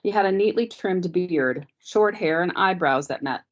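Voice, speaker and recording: A woman teacher reading a novel aloud to a class in a steady, measured way, on dull lo-fi meeting audio. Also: fairly low pitch.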